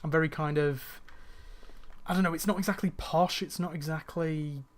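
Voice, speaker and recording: A man's voice: on the high side, steady tone, normal speed. A young man from northwest England with a faint, fairly neutral northern English accent, rambling in casual chat while gaming. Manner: chatty, rambling, many fillers and restarts. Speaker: gaming channel host.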